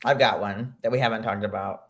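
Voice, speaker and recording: A man's voice: fairly low pitch, steady tone, a little fast. A man co-hosting a podcast, chatting casually and animatedly, peppering his talk with "like" and mock-outraged asides. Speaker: podcast co-host. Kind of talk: casual chat.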